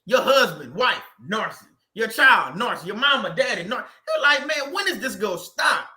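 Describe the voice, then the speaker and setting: A man's voice: high voice, sing-song, brisk, pushed and bright, echoey room. A man hosting a faith channel, preaching casually from a desk to a live chat, emphatic and repetitive, reading out viewer comments. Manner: emphatic, repeats phrases, reads out viewer comments. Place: indoor room at a desk.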